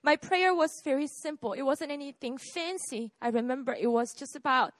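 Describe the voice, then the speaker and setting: A woman's voice: high-pitched, moderate pace, no room sound. A woman, preaching a conversational sermon about her own faith and checking in with the listeners. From South Korea. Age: 30s. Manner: conversational, often asks "right?" and "okay?". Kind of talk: sermon with personal testimony.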